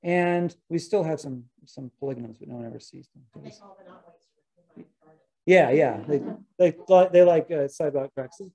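A presenter giving an informal gardening lecture, pausing often, restarting phrases and checking whether the audience is following. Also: mid-range voice, darkish tone, rough recording. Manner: halting, with frequent restarts and filler words.

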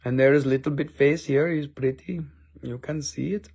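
A man's voice: medium pitch, fairly even intonation, moderate pace, vocal fry, a little mellow, husky. A man hosting a casual live-stream sale of rocks and minerals, chatty and jokey, with offhand swearing.

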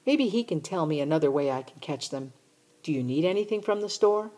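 A woman's voice: low voice, animated, a little fast, mellow. A woman reading aloud, voicing a stubborn, defensive country boy in a storybook. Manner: defensive, exasperated.

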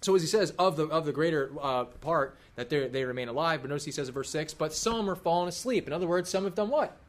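This church-hall sermon comes from a man in his thirties with a fairly high voice who talks fast, keeping things casual and animated and asking his listeners questions.

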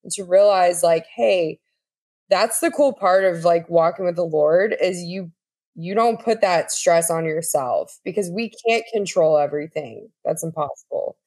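A woman guest on a faith-based podcast, telling a story in an earnest, animated way. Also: on the low side, a little slow. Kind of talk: casual faith-based conversation.

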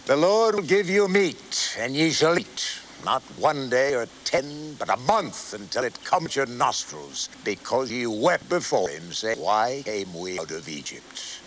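A man's voice: medium pitch, expressive, unhurried, fairly bright tone, a little hiss or hum, low-quality recording. A man voicing Moses, an earnest aged prophet who leads his people, speaking in a raised, fervent tone. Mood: stern.

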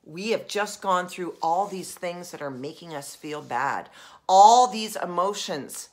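A woman life coach giving a demonstration, acting out each emotion in the first person with repetitive, expressive phrasing. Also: on the low side, measured pace.

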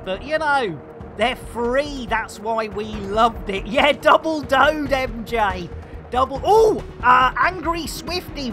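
A man with a Yorkshire accent streaming a game live, excitable, shouting taunts and British slang in bursts. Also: very high-pitched. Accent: English, Yorkshire. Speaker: gaming streamer. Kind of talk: live gameplay commentary. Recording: game music loud behind.

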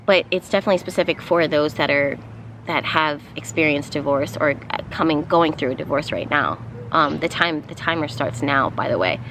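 A woman with a slightly low voice gives an unscripted spiritual card reading outdoors. She wanders through her thoughts with fillers and little laughs. Clear outdoor ambience and passing vehicles sit behind her voice. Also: slight background noise. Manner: meandering, with frequent fillers and soft laughs. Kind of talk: casual channeled reading.

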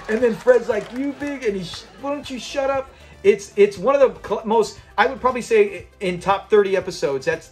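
A man hosting a fan channel, talking casually and with enthusiasm, rambling as he retells favorite scenes. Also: sits high. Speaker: host of a classic TV fan channel.

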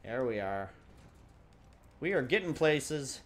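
Slow-talking joking gamer guy. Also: medium pitch, sing-song, slight background noise. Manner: joking, swearing, laughing at the game. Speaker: let's play commentator. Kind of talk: casual gameplay commentary.

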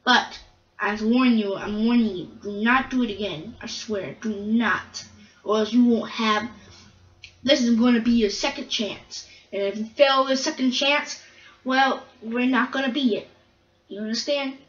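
A woman's voice: fairly high pitch, steady tone, measured pace, roomy sound, distant mic, lo-fi sound, close to an everyday voice. A woman voicing a stern male steam engine who lectures his friend in a fan-made toy train story, with repeated questions. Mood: lecturing.

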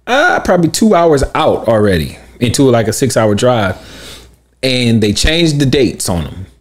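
A man co-hosting a podcast, telling a story in casual chat, acting out quotes loudly and laughing often. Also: medium pitch. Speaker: podcast co-host.

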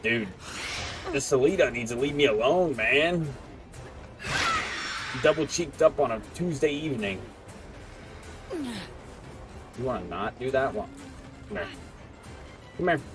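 A man commentates his gameplay in a casual, joking way, taunting and teasing his opponents as he plays. His pitch rises and falls with lots of energy. Game music plays clearly behind his voice. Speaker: gaming streamer. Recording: game music playing under the voice.

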